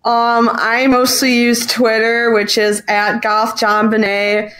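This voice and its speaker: Female caller guest, bright and a bit high, rambling casual talker. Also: completely flat delivery, slow, clean tone. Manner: chatty, rambling with fillers. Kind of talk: casual chat on a call-in podcast.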